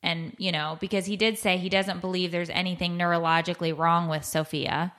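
A woman's voice: fairly low pitch, little pitch movement, brisk, a bit bright. A middle-aged woman hosting a podcast, telling stories in a rambling, casual way with many restarts. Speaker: podcast host. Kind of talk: casual chat.

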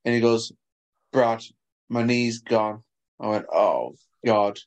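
A man's voice: medium pitch, a little mellow. Laughing man telling a story. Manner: laughing storyteller, quick bursts. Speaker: podcast co-host. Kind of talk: casual chat.

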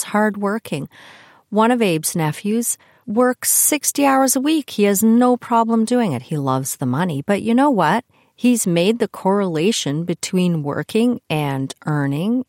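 A woman's voice: dry recording, studio quality. Chatty older woman hosting a podcast. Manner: chatty and animated, with swings in pitch. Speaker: podcast host. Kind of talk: casual solo podcast monologue.

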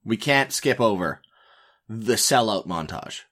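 A man's voice: fairly low pitch, expressive, a little slow, fairly bright tone. A man co-hosting a casual, joking movie discussion, rambling with lots of filler words. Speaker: podcast co-host. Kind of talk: casual comedic film discussion.

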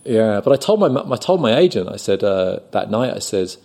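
A British man telling a story on a podcast, animated and often laughing as he acts out the people he quotes. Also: fairly low pitch, fairly quick, hardly any pauses. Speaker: podcast guest, actor. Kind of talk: casual anecdote telling.

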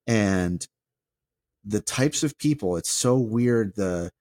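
A man, a former pastor, talking through ideas in a casual podcast chat, rambling and animated with many restarts. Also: lowish voice, slow, no echo, clean studio sound.

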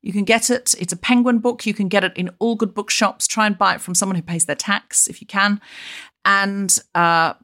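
A middle-aged woman hosting a remote podcast, speaking briskly and wrapping up the segment with a plug for her guest's book. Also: mid-range voice, steady tone. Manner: brisk, warmly wraps up, plugs the guest's book. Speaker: podcast host. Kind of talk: casual remote podcast chat.

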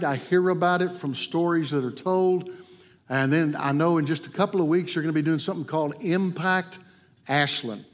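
A man with a Kentucky accent, preaching an earnest, story-driven sermon in a church. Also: fairly high pitch. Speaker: guest preacher. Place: church sanctuary. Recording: long church hall reverb.

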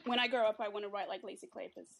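A woman's voice: mid-range voice, steady tone, racing, vocal fry. An Australian woman, a guest author, chatting casually in an interview, laughing easily and restarting her sentences often.

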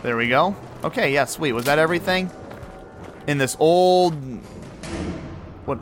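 Male host, lively higher voice, chatty play-by-play of his own gaming. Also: unhurried, pauses often, slight background noise. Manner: excitable, narrates his every move aloud. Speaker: podcast host. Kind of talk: video game play-by-play commentary.

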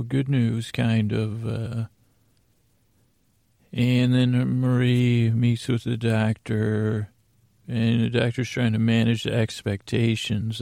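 A man hosting a sleep podcast, recapping a TV episode in a meandering, halting way with many pauses and self-corrections. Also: mid-range voice, vocal fry, dark tone, dry recording, studio quality. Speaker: podcast host.

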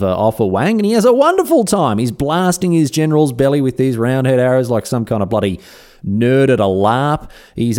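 A man tells history as comedic storytelling for a podcast, full of irreverent slangy asides and mild swearing. His pitch leaps and falls with very lively intonation. The tone is a casual, mocking retelling. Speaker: podcast host.

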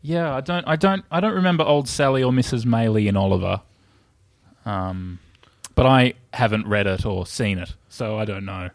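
A man's voice: on the low side, normal speed, dry recording, clean studio sound. A man hosting a comedy quiz podcast, playfully riffing on the guests' jokes. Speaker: comedy podcast host and quizmaster. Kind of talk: casual comedic banter.

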